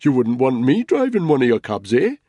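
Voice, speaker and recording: A man's voice: mid-range voice, huge pitch swings, fairly quick, mellow, dry recording, muffled recording, pitched above the performer's own voice. A man voicing a tough, street-smart male ex-soldier in an audiobook, pleading in a matey way.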